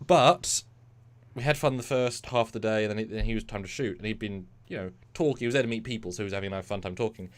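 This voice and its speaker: A man's voice: lowish voice, fast talker. Chatty man telling stories. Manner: chatty storyteller, mimics voices. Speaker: co-host. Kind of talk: casual chat on a livestream.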